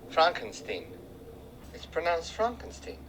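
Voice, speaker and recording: Brief: a prim, excitable young surgeon, crisp diction, pitch swinging wide, fits of shouting, film comedy. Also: male voice, moderate pace, a little hiss or hum, rough recording. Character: high-strung young male surgeon, prim, prone to outbursts. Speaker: lecturing professor. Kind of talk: 1970s film comedy acting.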